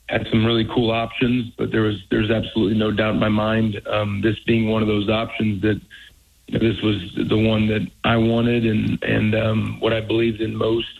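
Football coach calling in, low gravelly husky voice, flat delivery, tinny phone line. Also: male voice. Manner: earnest, halting, many restarts. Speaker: college football head coach, guest. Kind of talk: phone-in radio interview.

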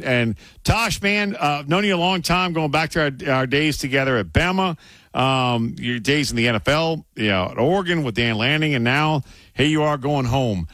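A man's voice: medium pitch, moderate pace, a bit bright, no room sound. A man hosting a sports radio show, interviewing a guest in a friendly, chatty way.

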